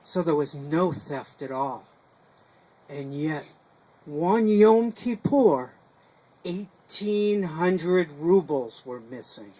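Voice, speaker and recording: A man tells a folk tale to a small group gathered in a sukkah, speaking slowly with a slightly high voice. He is dramatic and animated, dropping to a hush and then rising again. The talk is live and unscripted. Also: low-quality recording. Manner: dramatic, animated, with sudden shifts in loudness. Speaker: storyteller. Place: sukkah, a small outdoor booth.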